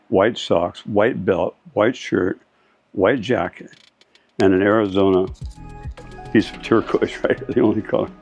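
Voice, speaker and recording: A man's voice: low-pitched, a little mellow. A man in his seventies from California, telling old stories in a rambling, anecdotal way. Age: 70s. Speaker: surfer and board shaper. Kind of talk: reminiscing interview storytelling. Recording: dull lo-fi audio with faint music.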